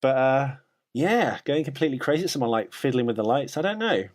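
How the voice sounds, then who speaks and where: A man's voice: medium pitch, big pitch swings, brisk. Musing man podcast co-host. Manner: musing, hedging, trails off with "I don't know". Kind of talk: casual podcast chat.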